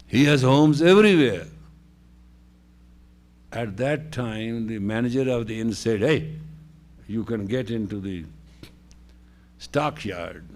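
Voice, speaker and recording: Male spiritual teacher, gravelly, lectures in slow halting phrases, acts out story voices. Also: medium pitch, expressive. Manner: swings between hushed asides and loud bursts; acts out voices in his stories. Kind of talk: lecture with told stories.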